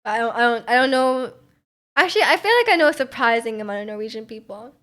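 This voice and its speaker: A young woman talks loosely to her stream chat, wandering through her thoughts with plenty of "like" and small laughs. Her voice sits a little higher than most. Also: animated, fast, a bit bright. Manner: rambling, heavy use of "like", frequent laughs. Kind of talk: casual chat with viewers.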